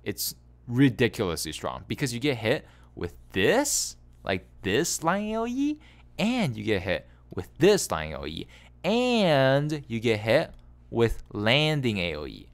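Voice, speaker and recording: Male game coach, lively swooping pitch, exasperated and repetitive, casual review commentary. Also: measured pace. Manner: exasperated, animated, repeats phrases, laughs in disbelief.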